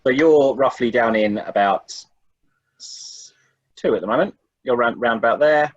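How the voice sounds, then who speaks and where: A man's voice: mid-range voice, a little slow, husky, dry recording, lo-fi sound. A man running a tabletop game as game master, chatting casually and laughing often.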